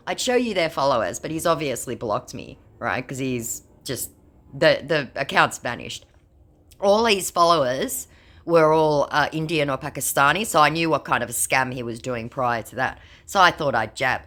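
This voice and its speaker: A woman's voice: rumbling low, animated, normal speed, fairly bright tone. Dry, sarcastic woman narrating. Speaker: scam-baiting video creator. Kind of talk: casual narration reading chat logs.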